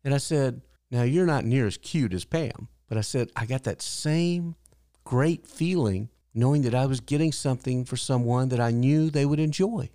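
A man's voice: mid-range voice, moderate pace, warm tone, no room sound. Older male podcast host, earnest storyteller, dry close sound. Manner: earnest, acts out quotes in a raised voice. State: widowed, grieving but hopeful. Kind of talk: personal storytelling monologue.

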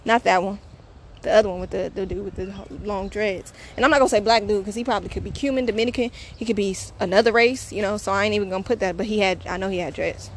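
A woman's voice: medium pitch, fast, slight background noise. A woman hosting her own show, talking in a blunt, profane, emphatic casual monologue. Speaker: podcast host.

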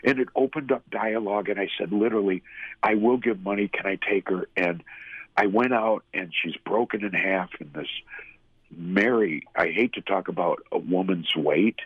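A man's voice: deep voice, normal speed, breathy edge, no echo. A man earnestly and emotionally telling his personal story as a guest. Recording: tinny phone-like sound.

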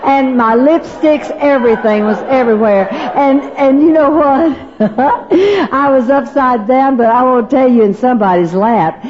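A woman's voice: high voice, a little slow, crowd noise. Laughing woman telling stories. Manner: animated, laughing, acts out voices. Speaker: speaker at a women's gathering. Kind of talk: humorous storytelling talk to an audience. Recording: dull lo-fi recording.

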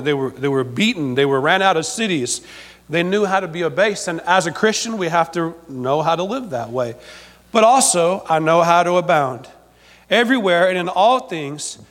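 A man's voice: on the high side, a bit bright. A man preaching a sermon to a congregation, emphatic and repetitive, often checking in with them. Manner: emphatic, repeats himself, asks congregation for amen. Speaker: pastor. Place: church. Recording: long hall reverb.

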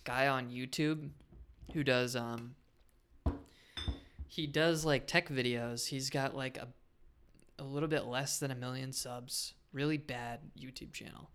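A man's voice: mid-range voice, steady tone, unhurried, a bit bright, clean tone. A man co-hosting a podcast, teasing and rambling in casual chat. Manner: laid-back, teasing, rambling. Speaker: podcast co-host.

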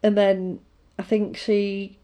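A woman's voice: mid-range voice, level tone, slow, mellow. A woman casually retelling a film plot, rambling with fillers and asides.

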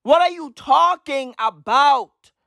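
A man's voice: very high voice, takes it slowly, vocal fry, sharp tone, dry recording, studio quality. A man podcaster delivering a profane, emphatic rant, repeating his points over and over. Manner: emphatic, repetitive, heavy swearing. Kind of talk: profane ranting commentary.

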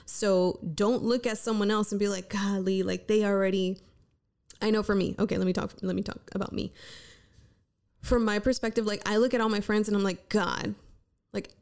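A woman's voice: mid-range voice, flat delivery, normal speed, creaky, darkish tone. A woman in her thirties hosting her own podcast, talking casually and candidly, swearing freely and mocking herself. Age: 30s. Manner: chatty, swearing, self-mocking pep talk. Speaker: podcast host. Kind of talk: casual solo podcast chat. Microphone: podcast microphone.

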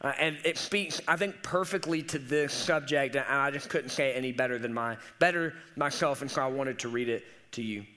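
Bright-voiced man preaching a sermon. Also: medium pitch, brisk, hardly any pauses. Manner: earnest, conversational preaching with casual asides. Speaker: teaching pastor.

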